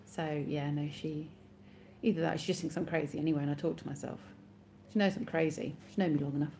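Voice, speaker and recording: A woman's voice: low voice, fairly even intonation, fast talker, mellow, a little hiss or hum. A woman in her thirties, chatting casually on a live stream and answering viewers' comments as they come in.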